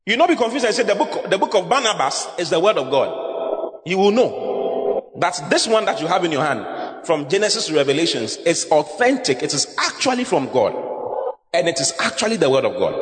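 A middle-aged man preaching in a church hall, his pitch rising and falling with lively emphasis. He keeps turning to the congregation with questions. The sound carries a long echo. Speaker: pastor. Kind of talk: sermon. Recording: echoey church hall, faint room noise.

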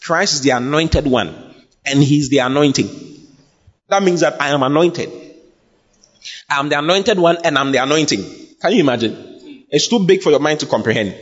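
A man preaching a sermon to a congregation, emphatic and repetitive, building up to shouts. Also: on the high side, breathy edge. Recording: dull lo-fi recording with long hall reverb.

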